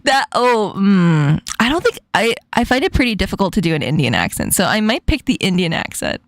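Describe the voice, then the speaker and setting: A woman's voice: mid-range voice, sing-song, brisk, dry recording. A woman hosting a casual chat stream, giggling often and swearing casually. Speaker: streamer host.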